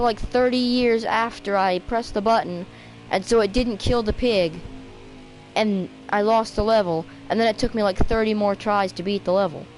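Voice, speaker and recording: Rambling, excitable woman gamer. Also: on the high side, rough recording. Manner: excitable, rambling, self-mocking, sudden outbursts. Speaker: gaming video creator. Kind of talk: rambling let's-play commentary.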